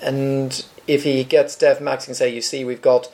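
Gravelly, dark-voiced blunt man. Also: mid-range voice, flat delivery, normal speed. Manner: dry, blunt, opinionated. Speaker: guest answering listener questions. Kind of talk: casual podcast chat.

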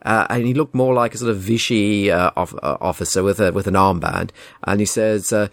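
A man's voice: on the low side, fairly quick, vocal fry, dry recording. A man telling a casual anecdote in a wry, indignant, rambling way. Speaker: storyteller.

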